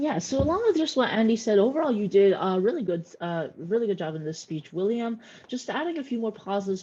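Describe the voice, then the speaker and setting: A woman judging a speech tournament, giving relaxed spoken feedback with many fillers over a video call. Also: fairly low pitch, slightly rough, dull audio.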